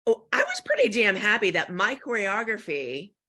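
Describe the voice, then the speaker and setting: A woman's voice: medium pitch, wildly swooping pitch, normal speed, bright, forceful tone. A woman co-hosting a podcast in casual chat, talking with hesitant restarts and the occasional pointed aside. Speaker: podcast co-host.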